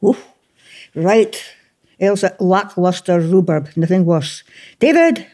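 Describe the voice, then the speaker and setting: A lively Scottish woman hosts a gardening radio show. Her pitch swings up and down a lot as she jokes with her co-hosts. She keeps a bubbly, teasing chat going. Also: slow.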